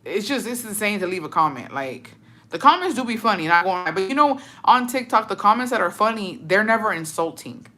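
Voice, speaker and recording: A woman's voice: medium pitch, expressive, fairly quick, pushed and bright. A woman host chatting casually and reading viewer stories aloud, slangy and swearing freely. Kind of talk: casual chat and story reading.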